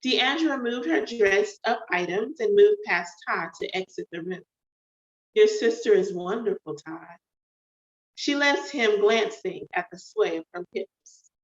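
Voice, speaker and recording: A woman author reading her own novel aloud in an unhurried, deliberate way. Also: mid-range voice, lively intonation. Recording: echoey, dull home recording.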